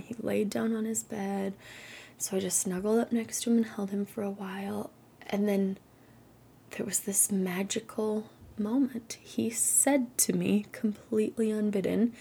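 Soft-spoken woman with a husky, gravelly voice. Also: medium pitch. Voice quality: soft and breathy, often near a whisper. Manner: reflective, gentle, with small laughs. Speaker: podcast host. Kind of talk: casual faith-based parenting talk.

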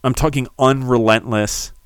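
A man hosting a podcast, delivering a heated, preachy solo monologue that swears and builds to shouting. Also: mid-range voice, steady tone, moderate pace, clear, resonant tone, no echo, clean studio sound. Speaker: podcast host.

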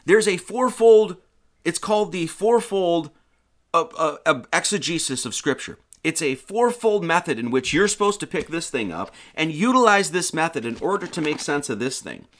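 A man's voice: on the high side, expressive, moderate pace, fairly bright tone. A man hosting a livestream, giving a casual lecture in a mocking, slangy way. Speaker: livestream host.

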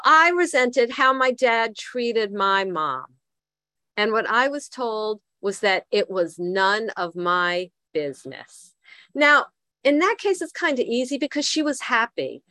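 A woman's voice: medium pitch, fairly bright tone, no echo. A middle-aged woman giving a candid, reflective recovery talk, thinking aloud and poking fun at herself. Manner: candid, self-deprecating, thinks aloud with fillers. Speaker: twelve-step recovery speaker.

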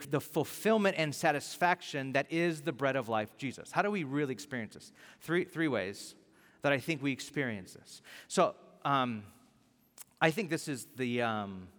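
A male pastor preaching a sermon, animated and emphatic, repeating key lines for weight. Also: medium pitch, big-room sound.

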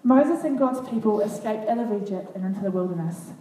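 A woman reading a children's Bible story aloud to a group, with earnest, expressive comments between passages. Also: medium pitch, brisk. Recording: echoey room, far from the mic, faint noise.

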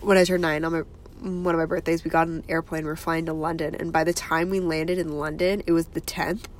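A woman's voice: sits low, little pitch movement, fairly quick. A woman in her early twenties co-hosting a podcast, chatting casually and telling rambling stories while fighting off a cold. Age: 20s. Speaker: podcast co-host. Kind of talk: casual chat.

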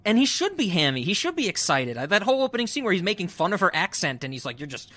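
A man's voice: sits high, very animated, fast, bright, forceful tone, no room sound. A man co-hosting a casual movie discussion podcast, opinionated and blunt, swearing casually. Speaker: podcast co-host.

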